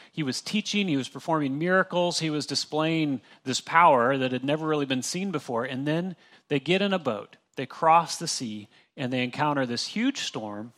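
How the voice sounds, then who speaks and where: Leading an informal Bible study, a young man goes through a passage one verse at a time in a relaxed, chatty manner. His voice is on the high side and fairly bright, and he restarts sentences and acts out little asides.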